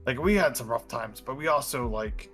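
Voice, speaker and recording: A man's voice: mid-range voice, lively intonation, normal speed, a bit bright, soft background music. A man talking casually as a guest, rambling and stammering through restarts. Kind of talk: casual chat.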